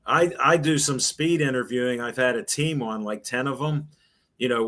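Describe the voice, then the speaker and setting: An older man, once a sports radio host, talks at a middle pitch. He rambles from one anecdote to the next, slipping into the voices of the people in his stories. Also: moderate pace, fairly bright tone. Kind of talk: storytelling in a casual interview.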